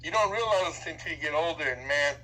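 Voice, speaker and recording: A man's voice: on the high side, fast, pushed and bright, slight background noise, poor audio. An older man from Seattle, a radio DJ guest telling reflective stories in a casual interview and laughing easily.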